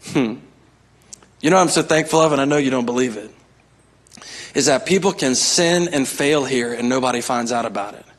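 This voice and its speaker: A man's voice: mid-range voice, brisk. A man preaching a sermon as pastor, emphatic, repeating his key phrases and calling out to the congregation.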